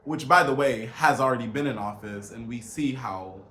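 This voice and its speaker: A man's voice: medium pitch, normal speed, fairly bright tone. A man vlogging a casual, incredulous rant straight to his viewers, emphatic and calling them y'all. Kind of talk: casual political rant to camera. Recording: echoey room.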